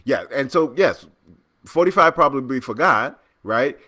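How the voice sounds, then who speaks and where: A man in the host's chair, venting about current events in loose, conversational commentary. He sounds incredulous and worked up, often stopping to restart his sentences. His voice sits at an ordinary middle pitch. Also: unhurried. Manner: animated, exasperated ranting with many restarts. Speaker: podcast host. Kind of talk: casual political commentary.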